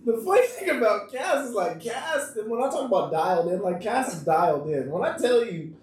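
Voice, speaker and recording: Laughing, animated young man, roomy echo. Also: sits high, fairly quick, distant mic. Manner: animated storyteller who laughs often and acts out quotes. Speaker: actor, interview guest. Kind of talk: casual interview conversation. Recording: roomy echo, off-mic, faint background hiss.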